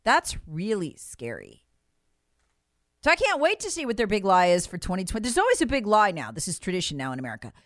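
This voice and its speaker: A woman's voice: medium pitch, huge pitch swings, brisk, no echo, clean studio sound. A woman giving emphatic, indignant political commentary on a talk show, mocking the officials she quotes.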